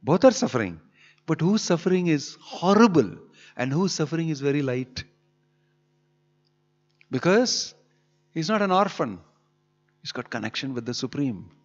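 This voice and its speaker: A man's voice: fairly high pitch, big pitch swings, normal speed, long pauses, highs cut off, soft background music. A man giving a sermon on scripture, asking scolding rhetorical questions. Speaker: spiritual teacher.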